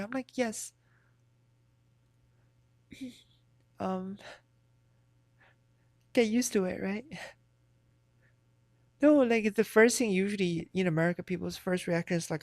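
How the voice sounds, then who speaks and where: A woman's voice: mid-range voice, slow, long pauses, a little mellow, no room sound, clean studio sound. A woman livestreamer in casual chat, giving blunt, profane, rambling opinions.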